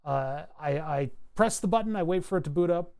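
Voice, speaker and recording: A man's voice: on the high side, brisk, a little mellow. A man chatting casually on a live stream while designing a circuit board, rambling with wry asides and frequent self-corrections.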